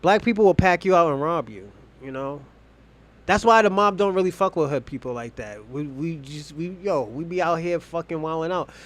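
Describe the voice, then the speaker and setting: A man's voice: on the high side, animated, moderate pace. A young man from the Boston area chatting casually on a livestream, rambling and profane, laughing often. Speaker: streamer host.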